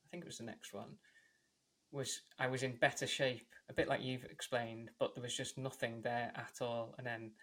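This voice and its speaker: A British man hosts a casual interview, his pitch sitting in an ordinary middle register. He asks questions in a relaxed, halting way, often restarting his sentences. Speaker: podcast host.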